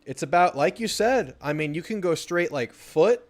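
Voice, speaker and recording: A man's voice: high-pitched, expressive, normal speed, noisy background. A man hosting a sports call-in show, talking casually with blunt, enthusiastic energy.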